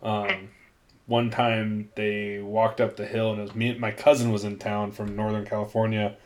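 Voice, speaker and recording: A young man hosts a casual podcast, telling rambling stories with plenty of laughter and casual swearing. His voice sits fairly low. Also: level tone, normal speed. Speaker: podcast host.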